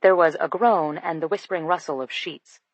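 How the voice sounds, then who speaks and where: A woman reading a first-person romance audiobook in an expressive, lightly comic manner. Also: lowish voice, normal speed, no echo, poor audio. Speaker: audiobook narrator. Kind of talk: first-person scripted narration.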